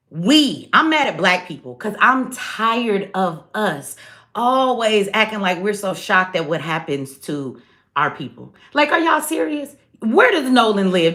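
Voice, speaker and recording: A woman's voice: mid-range voice, fairly bright tone. A woman hosting a casual livestream, blunt, sarcastic and profane, talking straight to her chat. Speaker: livestream host.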